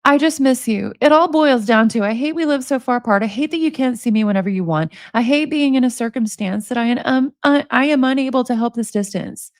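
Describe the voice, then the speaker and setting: A woman's voice: on the high side, fairly quick, hardly any pauses, dry recording, clean studio sound. A woman in her forties reading prison emails aloud and commenting on them, amused and sarcastic, laughing often. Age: 40s.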